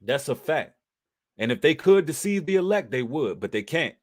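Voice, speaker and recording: A man's voice: on the high side, big pitch swings, moderate pace. A man hosting a livestream, talking in an emphatic, preacherly way to his audience, mixing casual slang and the odd curse word. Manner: emphatic, preacherly, addresses audience as brothers and sisters; casual slang with occasional cursing. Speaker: livestream host.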